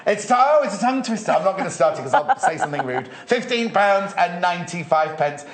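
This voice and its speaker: Male shopping-channel host, chatty sales patter, somewhat high voice, echoey studio sound. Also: lively intonation, fast talker. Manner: chatty, lists prices, laughs easily. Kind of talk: live TV sales chat.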